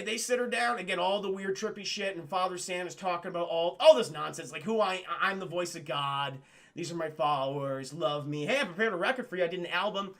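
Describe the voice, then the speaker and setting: A man's voice: high voice, creaky, pushed and bright. A young man livestreaming a casual spoiler recap of a film, rambling and swearing as he keeps talking to his chat.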